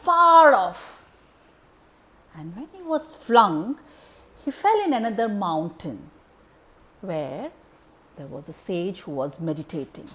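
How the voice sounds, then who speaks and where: A woman, telling a children's story and checking in with listeners. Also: medium pitch.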